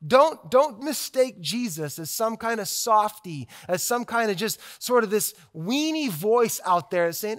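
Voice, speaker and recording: A man delivering a sermon in a high voice. He talks with emphatic force and builds his points through repeated, stacked phrases. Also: expressive, measured pace, hardly any pauses. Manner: emphatic, with repetitive rhetorical build-ups. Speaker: preacher.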